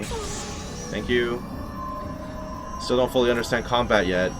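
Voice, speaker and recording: Taking his time and pausing often, a man with a lowish voice comments on his horror game playthrough. Game music plays behind as he wryly retorts to the enemies.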